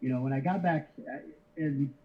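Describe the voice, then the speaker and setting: A middle-aged man talks through his story in a relaxed, halting way, often doubling back on his words. His voice sits at an ordinary pitch. The audio is slightly dull and lo-fi, like a video call. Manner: halting, many restarts, easygoing chuckles. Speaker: interview guest, card shipper. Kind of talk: casual conversational storytelling.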